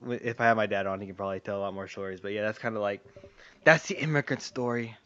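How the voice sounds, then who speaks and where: A man hosting a podcast, talking in a relaxed, agreeable way in casual chat. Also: lowish voice, fast talker, clean tone, no room sound, muffled recording. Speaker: podcast host.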